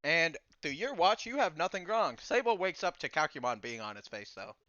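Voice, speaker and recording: A man narrating as game master of a tabletop game, with lively voice. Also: fairly high pitch, moderate pace, no echo, dull audio.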